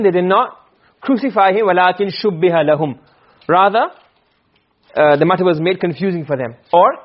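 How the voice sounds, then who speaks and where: A man teaching a lecture on Arabic rhetoric, often checking that students follow and reciting Arabic quotations quickly. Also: high voice. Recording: dull lo-fi recording.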